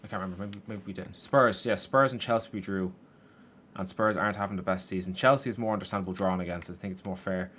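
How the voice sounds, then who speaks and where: A man's voice: low-pitched, fairly even intonation, fast talker, a bit bright. A young man commentating his football game from his room, swearing and venting frustration at the players and the game. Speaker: gaming YouTuber. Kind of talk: gameplay commentary.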